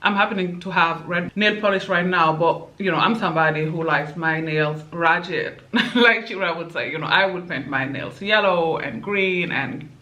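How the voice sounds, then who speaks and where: A woman's voice: lowish voice, normal speed, pushed and bright. A woman vlogger ranting in a sassy, emphatic way, peppering her talk with "okay" and "like". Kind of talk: casual opinion rant.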